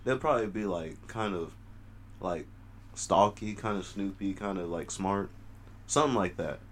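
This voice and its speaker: A man's voice: deep voice, moderate pace, slight background noise. A man chatting casually with friends, hesitant and full of fillers, swearing now and then. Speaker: friend in a group chat.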